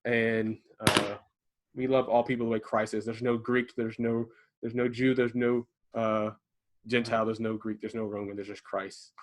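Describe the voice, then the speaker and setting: A man co-hosting a casual podcast from his garage, telling stories with animated delivery and acting out the voices of people he quotes. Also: on the low side, normal speed. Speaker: podcast co-host. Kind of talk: casual conversation. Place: home garage.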